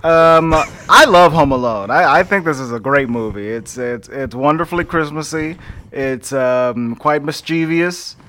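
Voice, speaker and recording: A man co-hosting a podcast in casual chat, playful and animated. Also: fairly high pitch, unhurried, a little hiss or hum. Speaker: podcast co-host.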